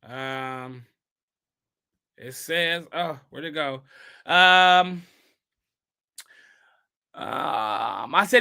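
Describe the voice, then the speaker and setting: Animated but unhurried, pausing often, a high-voiced man with a bright sound reads gossip posts aloud and answers with sassy, emphatic rhetorical questions. His clear, resonant tone keeps a sharp, pointed quality throughout the casual commentary.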